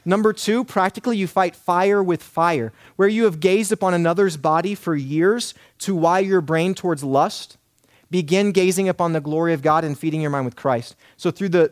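A man's voice: on the high side, normal speed, dry recording, clean studio sound. A man in his thirties preaching a sermon, earnest and emphatic, building points through repeated lists. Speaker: pastor.

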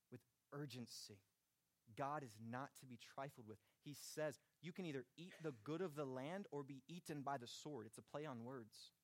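A man preaching a sermon, urgent and emphatic, his voice dropping soft and then rising again. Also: medium pitch, no echo. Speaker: pastor.

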